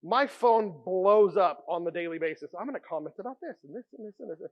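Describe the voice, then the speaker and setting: A man preaching a sermon as pastor, telling stories with animated energy and dropping to a hush for quiet moments. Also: sits high, fast, highs cut off. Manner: animated storytelling, drops to a hushed voice for quiet moments.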